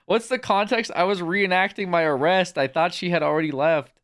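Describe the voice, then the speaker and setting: A man's voice: sits high, fairly even intonation, brisk, clear, resonant tone. A man chatting casually with his live-stream chat from home, swearing freely and laughing a lot as he talks. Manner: drops to a soft hushed coo when calling his cat. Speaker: livestreamer.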